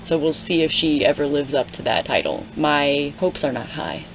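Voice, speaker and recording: A woman's voice: low-pitched, very animated, moderate pace, slight background noise. A woman giving casual, sarcastic, exasperated commentary as she reads along, rambling into asides. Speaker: booktuber reading along. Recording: slightly dull lo-fi audio.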